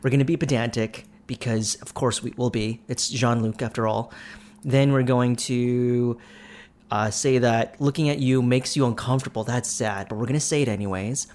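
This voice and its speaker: A man's voice: medium pitch, steady tone, normal speed, a little mellow. Playful young man narrating gameplay. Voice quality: playful, chatty, narrates his own actions. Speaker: let's play host. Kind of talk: gameplay commentary.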